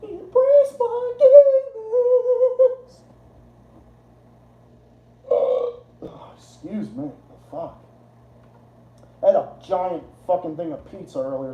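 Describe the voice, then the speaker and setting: Man live-streaming, rambling, swears a lot, very dark mellow voice, roomy echo. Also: on the high side, highs cut off. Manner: rambling, profane, laughs at own jokes. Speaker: livestream host. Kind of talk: casual livestream chat.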